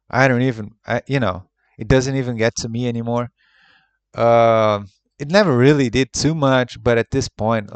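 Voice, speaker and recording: A man's voice: lowish voice, clear, resonant tone, no echo. A man ranting in an unscripted monologue, profane and exasperated, rambling with lots of restarts. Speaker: retro gaming YouTuber.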